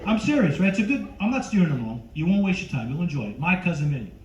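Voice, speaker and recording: A man's voice: on the high side, big pitch swings, quick pace, darkish tone, a little hiss or hum. A middle-aged man doing live stand-up comedy on a cruise ship stage, teasing the crowd brashly. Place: cruise ship show lounge. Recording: roomy, dull live stage sound. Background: audience laughter.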